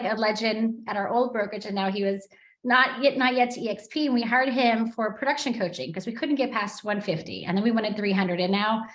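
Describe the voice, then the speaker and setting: A woman's voice: mid-range voice, a bit bright, echoey room. A woman who leads a real estate team tells her story as a guest on a video call, chatty and upbeat.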